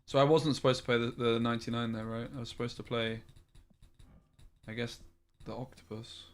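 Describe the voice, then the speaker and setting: A man's voice: mid-range voice, steady tone, a little fast. A man streaming a card game, thinking aloud in a frustrated way and swearing often. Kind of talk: live-streamed gameplay commentary.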